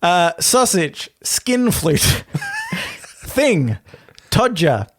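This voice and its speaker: A man's voice: high voice, sing-song, drawn-out words. A man chatting casually on a comedy podcast, voice swinging widely up and down. He keeps dissolving into giggles as he reads aloud. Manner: giggly, breaks into frequent laughter. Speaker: podcast co-host. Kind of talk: casual comedic chat, reading a list aloud.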